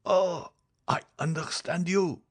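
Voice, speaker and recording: A man's voice: high-pitched, fairly even intonation, takes it slowly, voice pushed up. A man voicing a dying old male servant in agony, speaking in a strained, gasping way as he reads a storybook. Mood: despairing.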